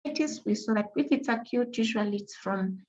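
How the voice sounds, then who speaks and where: A woman's voice: fairly high pitch, normal speed, a little mellow. A woman giving a patient, explanatory medical lecture as a teacher. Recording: dull lo-fi recording.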